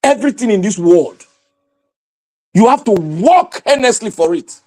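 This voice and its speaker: A man with a Nigerian accent hosting a livestream, giving impassioned, preachy commentary that bursts into shouting. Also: high voice, expressive, unhurried. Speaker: livestream host.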